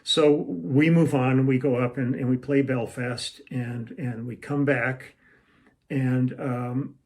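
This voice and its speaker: A man's voice: medium pitch, steady tone, slow, a little mellow. Older man rambling through a story. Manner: rambling, meandering, acts out quoted lines. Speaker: musician telling a tour story. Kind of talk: casual storytelling to camera. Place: at home, room with a shelf.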